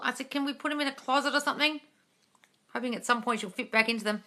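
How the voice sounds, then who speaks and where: A woman's voice: mid-range voice, lively intonation, brisk, long pauses, bright, forceful tone. A woman, chatting bluntly and swearing freely while she answers viewers on a home livestream. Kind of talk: casual live-stream chat. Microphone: phone mic.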